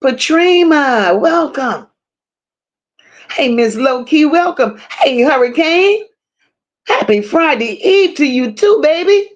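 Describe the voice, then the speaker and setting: Reading chat names and comments aloud, a woman livestream host chats casually with viewers using affectionate slang and frequent curses. She's high-pitched and animated but speaks slowly, and the recording is muffled.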